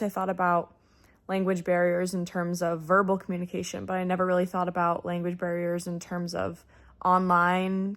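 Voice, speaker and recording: A young woman recording a casual video diary on her phone, reflecting aloud with many ums and pauses. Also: medium pitch. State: slightly out of breath. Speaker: vlogger.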